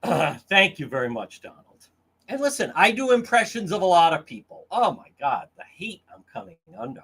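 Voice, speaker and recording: A man's voice: sits high, sing-song, moderate pace, fairly bright tone, husky. A man hosting a casual livestream, crude and mocking as he reads comments from chat. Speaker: livestream host.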